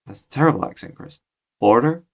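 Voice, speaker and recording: A man's voice: medium pitch, animated, normal speed. A man in an attempted Irish accent, playing a tabletop game in character and rambling on with many fillers as he pleads with the group. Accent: attempted Irish accent for his character. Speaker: player.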